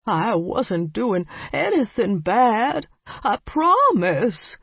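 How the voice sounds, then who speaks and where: A woman voicing a timid, wheezy elderly male vampire in an audiobook, slow and pleading. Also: fairly high pitch, very animated, gravelly, slightly rough, no echo, muffled recording, pitched above the performer's own voice, heavily acted. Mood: startled pleading. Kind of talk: audiobook character voice.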